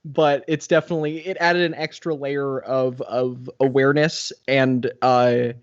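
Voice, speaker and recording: A man actor talking about his role over a video call, halting and self-deprecating, with many restarts. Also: medium pitch, level tone, muffled recording. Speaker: stage and voice actor.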